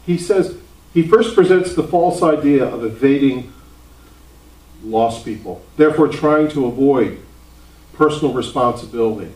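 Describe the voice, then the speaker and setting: A man's voice: medium pitch, expressive, moderate pace, warm tone. Earnest preacher man in echoey room. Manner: earnest, rising to emphatic questions. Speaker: pastor teaching ministry class. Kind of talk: classroom sermon lecture. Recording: roomy echo, mic at a distance.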